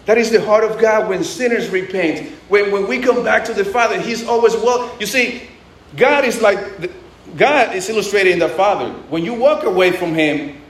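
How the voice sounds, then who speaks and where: A man's voice: high-pitched, normal speed, fairly bright tone, echoey room, poor audio. A man preaching a sermon in a conversational way, often restarting and adding asides. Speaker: pastor.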